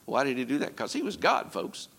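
A man preaching a sermon as pastor, swinging between loud emphatic lines and quiet, low asides. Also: wildly swooping pitch, brisk, gravelly, slightly rough, big-room sound. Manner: preaching with sweeping rises and drops in pitch and loudness.

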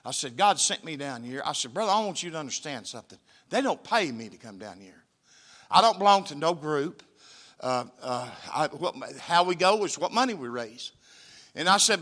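A man's voice: a little high, lively intonation, moderate pace, pushed and bright. A man, a missionary preacher telling a testimony in a church sermon, folksy and emphatic. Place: church sanctuary.

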